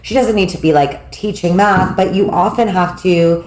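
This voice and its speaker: A woman podcast host with a lowish voice who keeps the talk moving with curious follow-up questions. She speaks casually, and her voice bounces around a roomy space. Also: moderate pace, darkish tone. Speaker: podcast host, math tutoring studio owner. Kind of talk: casual interview chat. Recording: roomy echo.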